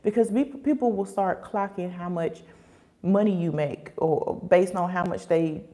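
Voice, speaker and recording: A young woman hosting a casual livestream, talking in an animated way with lots of fillers and acting out quoted voices. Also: on the low side, measured pace.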